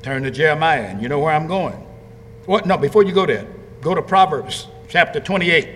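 A man preaching an animated sermon, swinging from low quiet asides to high shouted lines and acting out quoted voices. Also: fairly quick, a little hiss or hum. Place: church. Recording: long hall reverb.

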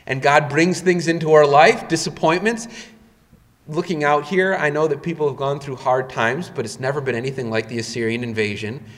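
A man's voice: fairly quick, in a large hall. A man preaching a sermon as a pastor, with emphatic rises and drops in his delivery. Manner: emphatic preaching with sudden rises in pitch and volume.

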